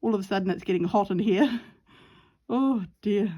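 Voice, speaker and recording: A woman's voice: medium pitch, normal speed, dark tone. A middle-aged woman chatting casually while she sews, laughing often and acting out the voices in her story. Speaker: craft vlogger.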